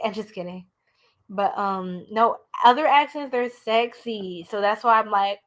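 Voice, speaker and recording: A woman's voice: medium pitch, a little slow. A young American woman giving a live-streamed tarot reading, talking chattily and straight to her viewers. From United States. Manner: chatty, animated, talks straight to viewers as y'all. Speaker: tarot reader.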